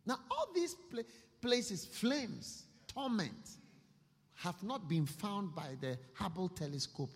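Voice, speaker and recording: A man preaching a sermon, telling a story with lively acting and a husky voice. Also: sits high, slow pace. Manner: animated storytelling, acting out characters. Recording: long reverb of a hall.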